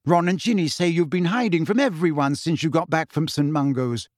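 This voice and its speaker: A man voicing a clever, bossy teenage witch who talks briskly and impatiently. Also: fairly high pitch, dry recording, clean studio sound, voice pushed up, lightly acted.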